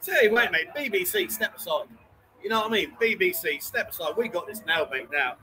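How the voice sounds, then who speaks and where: A man's voice: sits high, animated, brisk, pushed and bright, rough recording. A man hosting a casual live stream from a bar, teasing his co-host and reading out viewer comments. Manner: teasing banter, reads viewer comments aloud.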